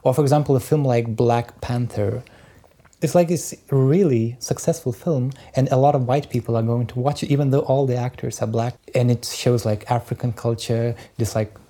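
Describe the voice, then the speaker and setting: A man's voice: mid-range voice, steady tone, normal speed, warm tone. A man interviewing a guest, asking thoughtful questions with some hesitation.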